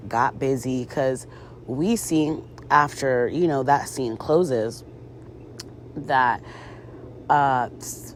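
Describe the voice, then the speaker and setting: A woman's voice: rumbling low, darkish tone, slight background noise. Sassy chatty woman vlogger. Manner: sassy, chatty, full of fillers; addresses viewers as girl and ladies. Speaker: reality show recap vlogger. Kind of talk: casual commentary.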